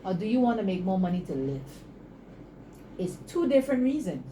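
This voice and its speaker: A woman, a guest in an interview, telling stories and making her pitch with preachy passion. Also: big pitch swings, normal speed, warm tone, slight background noise, poor audio. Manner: passionate, preachy, acts out dialogue. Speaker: entrepreneur guest.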